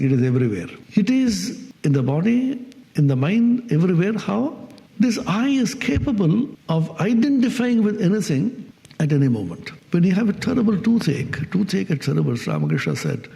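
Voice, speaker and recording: A man's voice: high voice, vocal fry, warm tone, in a large hall. A swami giving a spiritual discourse on Vedanta to an audience. He asks his listeners questions and acts out everyday speech.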